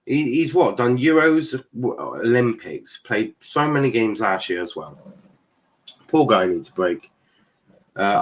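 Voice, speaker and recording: A man calls a football match live for his stream, breaking off to answer chat messages. His pitch sits mid-range but swings a lot, and he talks in a loose, blunt, sweary way. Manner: animated, sweary, reacts to play and chat messages. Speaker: watchalong streamer host.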